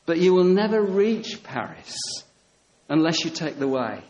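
A male preacher delivers a sermon in an animated, storytelling way, acting out dialogue and hammering home short phrases. His voice sits somewhat higher than most men's. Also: unhurried, muffled recording.

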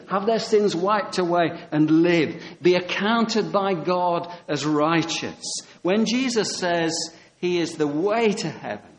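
Animated preacher, higher-pitched man. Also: rough recording. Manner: animated, storytelling with quoted dialogue. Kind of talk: sermon.

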